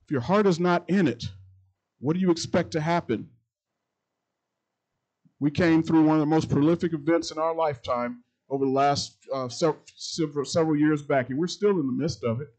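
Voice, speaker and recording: A middle-aged man, a pastor, preaching a sermon that repeats its phrases and swings between loud and quiet passages. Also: fairly high pitch, moderate pace, poor audio.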